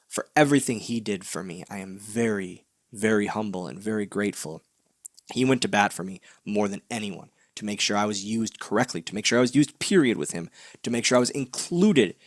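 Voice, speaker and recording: A man's voice: lowish voice, a little fast, no echo, studio quality. A man in his late thirties, an interview guest, telling a candid, heartfelt story and acting out what others said. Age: 30s. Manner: heartfelt, animated retelling with laughs and acted-out quotes. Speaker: interview guest, wrestler and author.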